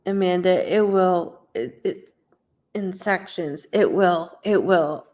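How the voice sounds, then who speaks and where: A woman's voice: lowish voice, slow, darkish tone. A woman in her thirties giving a live psychic reading, chatty and rambling as she relays messages. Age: 30s. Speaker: psychic medium.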